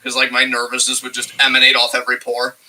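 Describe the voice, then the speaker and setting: A man co-hosting a casual chat show, rambling excitably, laughing often and swearing freely. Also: medium pitch, fast, background noise. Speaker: podcast co-host.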